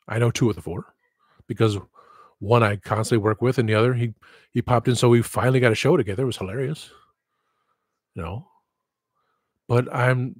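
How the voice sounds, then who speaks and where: A man hosts his own livestream podcast in a medium-pitched voice with a breathy edge, chatting frankly and loosely while swearing freely. The sound is dry and studio quality.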